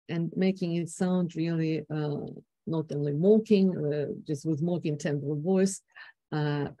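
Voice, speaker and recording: A woman's voice: low-pitched, dark tone, dry recording. Woman giving a hesitant conference talk. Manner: hesitant, many fillers and restarts. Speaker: conference speaker. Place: conference hall.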